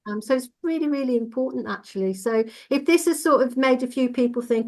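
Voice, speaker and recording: Woman, driving instructor trainer, measured, reassuring, casual podcast chat. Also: a little high, expressive, a little mellow.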